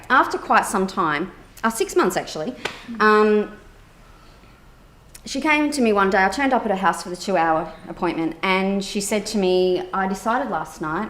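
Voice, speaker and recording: A woman therapist giving a conference keynote, telling a personal story in a lively way, acting out quoted dialogue with many fillers. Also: mid-range voice.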